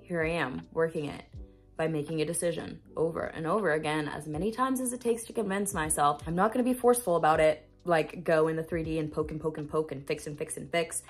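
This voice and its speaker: A woman's voice: low-pitched, slightly rough. A woman manifestation coach giving an earnest, emphatic self-help talk to camera, repeating phrases for stress and swearing now and then.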